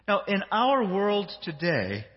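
A man preaching a sermon, acting out a Bible story with a playful, animated manner on a handheld mic in a church hall. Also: high voice, takes it slowly. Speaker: pastor. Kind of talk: sermon with dramatized reading. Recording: dull sound, long hall reverb.

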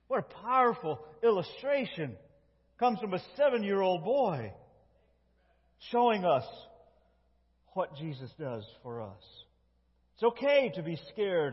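A male pastor delivers a sermon with a high, slightly husky voice, pressing his points with emphatic force. His voice rings through a church sanctuary with long reverb. The recording sounds dull and lo-fi. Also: sing-song, unhurried, long pauses. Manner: emphatic preaching, swings between loud and hushed.

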